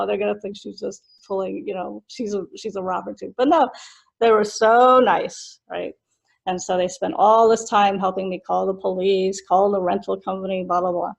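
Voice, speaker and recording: A middle-aged woman who is a Buddhist nun teaches a class casually, chatting and laughing often as she tells a personal story. Her voice is medium-pitched and creaky, and the recording is low quality.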